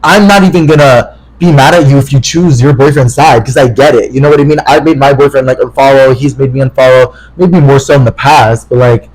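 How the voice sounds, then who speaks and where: A man's voice: mid-range voice, fairly quick, few pauses, a little mellow, poor audio. A young man co-hosting a podcast, telling a story in casual chat and acting out the quotes with lots of swearing. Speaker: podcast co-host.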